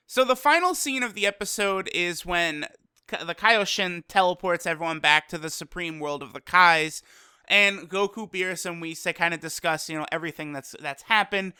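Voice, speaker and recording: A man reviews an anime episode with casual, animated energy. His voice is bright and smooth. The recording is dry and close. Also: high voice, moderate pace, no room sound. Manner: energetic, animated retelling with quoted lines.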